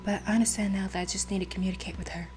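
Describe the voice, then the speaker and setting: Woman doing a timid, self-critical young woman in whispered role-play; soft, hesitant, a touch high, faint game music. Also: steady tone, moderate pace, close to an everyday voice.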